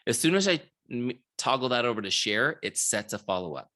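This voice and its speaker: Here a software founder gives a live sales training online in a mid-range voice that is very animated, bright and forceful, a little on the fast side. He spins stories, performs the dialogue within them and regularly checks in with listeners on the video call.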